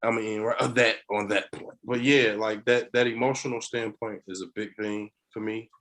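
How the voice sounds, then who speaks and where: A man talking as a podcast guest in a casual conversation, an animated storyteller who laughs often. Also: fairly low pitch, normal speed, rough recording.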